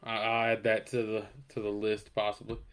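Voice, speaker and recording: A man's voice: lowish voice, monotone, a little fast, fairly bright tone, clear, resonant tone. Hesitant man thinking aloud. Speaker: podcast co-host. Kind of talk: casual chat.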